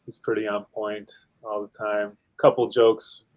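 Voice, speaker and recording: A man's voice: lowish voice, little pitch movement, a little slow, a little mellow, poor audio. A man hosting a casual livestream show, chatting in a laid-back, rambling way with lots of fillers. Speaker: podcast host.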